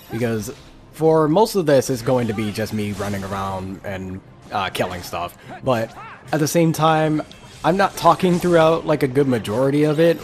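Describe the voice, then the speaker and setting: Guy doing a lets play, rambly and kinda frustrated, lots of likes and uhs, faint game music behind. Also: on the low side. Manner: rambling, frustrated, many filler words. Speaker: let's play YouTuber. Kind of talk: casual gameplay commentary.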